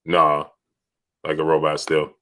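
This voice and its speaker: A low-voiced man runs a casual livestream chat, calling out names from the chat. His voice is bright and forceful and sits low. He repeats phrases as he goes. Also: completely flat delivery, a little slow. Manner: shouts out chat donors, repeats himself. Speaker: livestream host.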